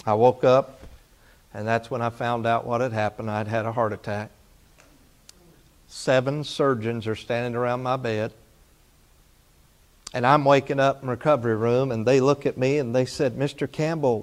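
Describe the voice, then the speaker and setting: A man preaching, telling a personal story with feeling, rising loud and falling hushed. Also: medium pitch, fairly even intonation, moderate pace, long pauses. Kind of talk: sermon testimony.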